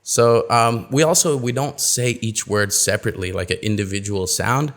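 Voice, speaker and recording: Lively male pronunciation teacher. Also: on the low side, moderate pace. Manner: lively, expressive, acts out example sentences. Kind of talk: webinar lesson.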